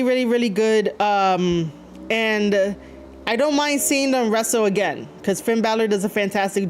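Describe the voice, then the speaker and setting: A woman streaming live, chatting casually to her viewers with many fillers, rambling and reading chat messages aloud. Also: a little high. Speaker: streamer reacting to wrestling.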